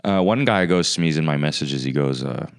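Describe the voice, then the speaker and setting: Male podcast host, low smooth voice, sarcastic mock-arrogant banter, casual comic monologue. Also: lively intonation, brisk, no echo, clean studio sound.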